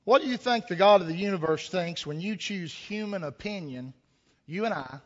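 This pastor has a high, expressive voice and speaks at a moderate pace. His sermon is folksy and conversational, full of rhetorical questions and a homespun story, captured in an echoey hall with dull lo-fi sound.

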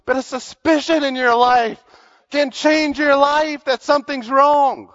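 A man preaching a sermon. His delivery swings from hushed storytelling to loud, high emphatic peaks. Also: steady tone, measured pace. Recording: dull lo-fi sermon recording.

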